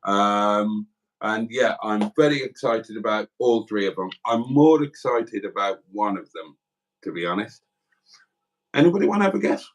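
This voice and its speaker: A man's voice: on the low side, normal speed. A middle-aged man from South Wales hosting a casual livestream, chatting in a rambling, self-deprecating way as he reads out viewer comments. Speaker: livestream host.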